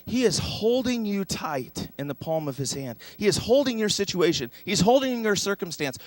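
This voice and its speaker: A man's voice: high voice, big pitch swings, normal speed, dry recording. A man preaching a sermon as pastor, emphatic and leading the congregation in repeating a verse. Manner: emphatic, leads congregation in call-and-response. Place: church sanctuary.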